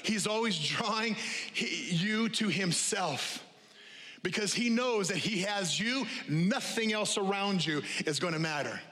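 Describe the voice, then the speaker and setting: A man preaches a sermon in a church auditorium, his voice bright and a little high for a man, ringing with long hall reverb. He talks to the congregation conversationally, repeats his key lines for weight, and slips in light jokes. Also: animated, unhurried. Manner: humorous asides to the congregation. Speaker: pastor.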